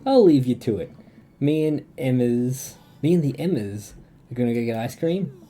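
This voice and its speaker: A young Australian man streams a dating game, reading its lines aloud in a plain voice and then breaking off to chat and laugh. His mid-range voice is mellow and animated, at a moderate pace.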